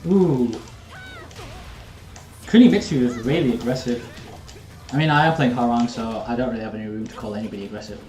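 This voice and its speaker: A man's voice: medium pitch, fairly quick, long pauses, darkish tone. Guy streaming a fighting game, chatty and laid back, roomy echo, bit of game music under him. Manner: casual, chatty, talks to viewers while playing. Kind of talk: live gameplay commentary.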